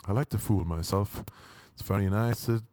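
Brief: low-pitched man with a dry, close sound, riffing wry and self-mocking in a loose comic monologue. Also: normal speed, mellow, no room sound. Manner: self-deprecating, wry, switches into mock voices.

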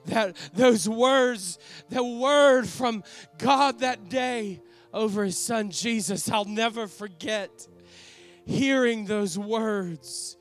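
A man's voice: sits high, slow pace, soft background music. A man playing an earnest apostle in a dramatic first-person monologue, speaking with reverent, emotional awe. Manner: reverent, emotional, lingering on sighed exclamations. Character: awestruck older male apostle, earnest ex-fisherman.

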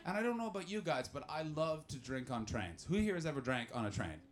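Rambling animated man telling comic stories. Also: on the high side, quick pace. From Canada. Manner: rambling, animated storytelling with asides to the crowd. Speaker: stand-up comedian and podcast host. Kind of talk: live stand-up comedy set.

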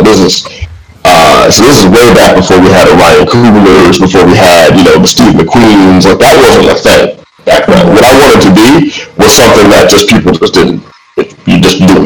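A man's voice: sits low, reverberant, low-quality recording. A man in his forties telling a long, rambling story in a casual interview, full of "like" and "man". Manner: laid-back, rambling, lots of "like" and "man". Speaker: guest, writer.

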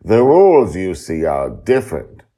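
A man voicing an excitable pirate captain father who calls out in loud, theatrical pirate style. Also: deep voice, unhurried, voice pushed up, exaggerated voice. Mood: grand. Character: booming excitable male pirate captain dad.

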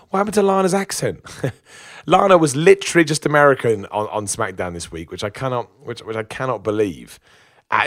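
Male reviewer, opinionated and chatty, fast delivery, dry mic. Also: mid-range voice, no room sound. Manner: chatty, opinionated, with restarts and laughs. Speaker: wrestling show reviewer. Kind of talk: casual spoken review.

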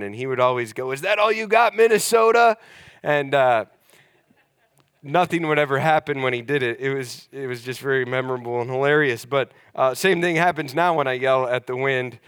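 A young adult man preaching a sermon to a church congregation, conversational and emphatic, slowing down to stress key words. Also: medium pitch, a bit bright, smooth, no room sound, studio quality. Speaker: pastor.

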